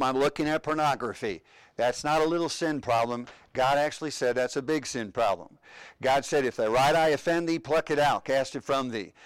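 A middle-aged man preaching a sermon with emphatic, call-and-response delivery, swinging between loud declarations and hushed lines. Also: medium pitch, no echo. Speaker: pastor.

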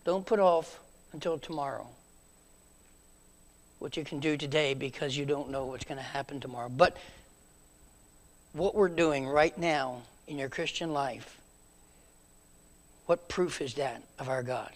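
A man preaching a sermon in a church, moving between loud emphatic calls and hushed, quiet passages. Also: medium pitch, a little slow, long pauses.

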